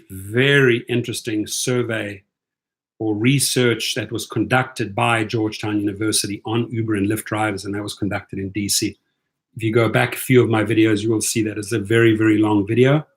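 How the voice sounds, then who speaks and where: A man with a South African accent runs a relaxed live stream, voicing viewer questions and giving frank, chatty replies. He speaks at a medium pitch with a slightly bright tone.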